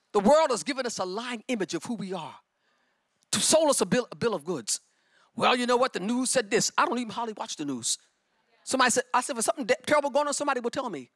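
A middle-aged woman preaching a sermon with personal testimony, fervent and emphatic, and breaking into shouts. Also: a little high, no room sound.

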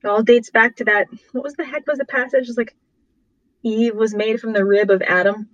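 A woman co-hosting a podcast in casual chat, agreeable and quick to laugh. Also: on the high side, steady tone, dry recording, highs cut off. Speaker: podcast co-host.

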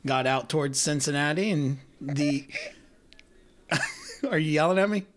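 A man hosts a laid-back podcast from a friend's home. His voice sits a little high, and he jokes and laughs easily as he talks. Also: wildly swooping pitch, a little slow. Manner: joking, laughs often. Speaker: podcast host. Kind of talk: casual podcast chat. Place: friend's house.

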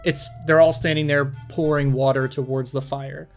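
A man's voice: medium pitch, level tone, soft background music. Man narrating as game master. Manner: descriptive, measured narration with fillers.

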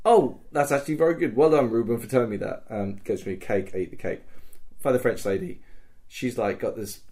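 A man co-hosting a podcast, telling an animated story in casual chat and swearing freely. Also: mid-range voice, brisk. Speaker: podcast co-host.

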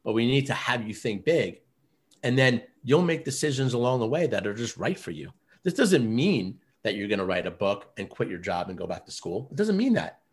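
At a moderate pace, a man with a medium-pitched, slightly rough voice and big pitch swings shares stories in a casual interview about his men's coaching program. He comes across as earnest, dropping fillers like "you know" and "like" again and again.

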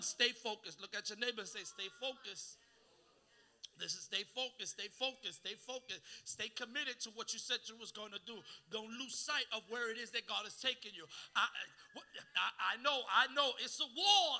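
A man, preaching a sermon as a guest pastor, swinging from hushed asides to shouting and calling on the congregation to answer. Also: very high voice, expressive, moderate pace.

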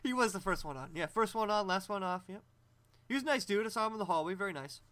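A man's voice: high-pitched, expressive, quick pace, pushed and bright, no echo. A man hosting a podcast in casual chat, laughing often and swearing loosely. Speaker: podcast host.

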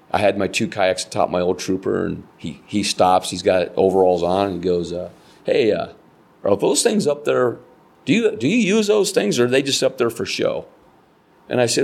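A man's voice: lowish voice, vocal fry. An older American man, a kayak fishing guide, telling stories in a casual interview and acting out the voices of people he quotes. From United States. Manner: animated storyteller, acts out quoted voices.

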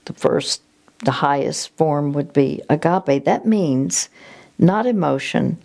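Slow, gravelly-voiced woman telling a faith story. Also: sits low, expressive. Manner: slow, gentle, with halting restarts. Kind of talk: reflective faith testimony.

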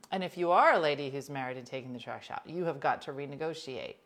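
A woman hosting a livestream, chatting casually and bluntly with viewers, calling them by name and swinging between loud outbursts and hushed asides. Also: extremely low pitch, lively intonation, quick pace. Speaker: livestream host reading viewer comments.

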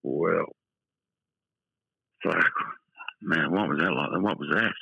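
A man's voice: very deep voice, takes it slowly, creaky, bright, forceful tone, slightly rough, dry recording, lo-fi sound. A middle-aged Australian man, a football writer guest, chatting bluntly in a casual interview and telling emotional stories with lots of repetition.

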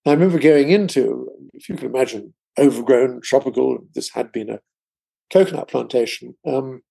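A man's voice: mid-range voice, brisk, vocal fry, warm tone, husky. An older man, a guest author, telling a long anecdote in conversation, rambling with many asides. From England. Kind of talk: storytelling in conversation.

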